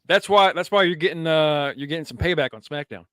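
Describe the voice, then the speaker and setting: Male co-host, slightly high voice, dry close sound, laughs and swears through recaps. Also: brisk, fairly bright tone, smooth, dry recording. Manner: laughing, swearing, acting out scenes. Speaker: podcast co-host. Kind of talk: casual wrestling chat.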